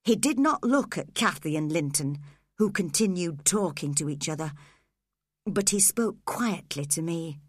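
Woman storybook narrator, slow and clear, bright tone, lively pitch. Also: no room sound, clean studio sound. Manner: clear, measured and expressive. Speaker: audiobook narrator.

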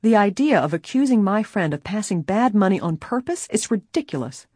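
A woman's voice: medium pitch, sing-song, a little fast, a little mellow, slightly rough, no echo, studio quality, voice pushed up. A woman reading an audiobook, voicing an indignant, outspoken teenage girl. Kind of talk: audiobook character voice.

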